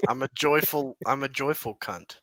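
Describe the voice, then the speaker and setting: A man's voice: medium pitch, moderate pace, a bit bright, no room sound. A young man co-hosting a podcast in casual, crude joking chat, giggling often. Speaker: podcast co-host.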